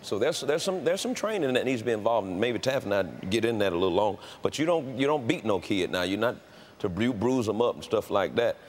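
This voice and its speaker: An older man preaching with folksy humor, moving from soft, low asides to loud shouted outbursts. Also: animated, a little fast. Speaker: pastor. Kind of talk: sermon.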